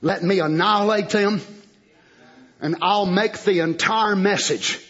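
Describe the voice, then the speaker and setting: A man preaching a fiery sermon, jumping between loud shouting and hushed near-whispers. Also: sits high, unhurried, muffled recording. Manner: swings from shouting to hushed, plays God's voice in quotes.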